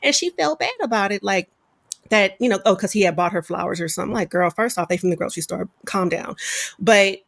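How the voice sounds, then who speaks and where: A woman's voice: medium pitch, a little fast, vocal fry. A woman co-hosting a casual podcast, telling a story in an easygoing way. She acts out the lines of the people in it with bursts of expression. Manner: animated storyteller who acts out quotes. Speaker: podcast co-host. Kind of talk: casual chat.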